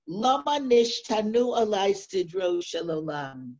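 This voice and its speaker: A woman teaching a lesson on a sacred text, reading verses aloud and translating them in a slow, deliberate way. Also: mid-range voice, animated. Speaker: Torah teacher. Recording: dull lo-fi recording.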